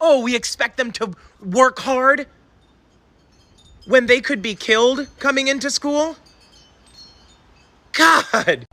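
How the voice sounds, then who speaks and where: A man's voice: high voice, very animated, slow, long pauses, sharp tone. A man giving an impassioned, exasperated monologue, rising to emphatic outbursts. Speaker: speaker ranting about schools.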